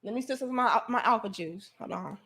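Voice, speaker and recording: A woman's voice: on the high side, fast talker, pushed and bright. A woman hosting a livestream, delivering an emphatic, profane, preachy rant to her viewers. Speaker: livestream host.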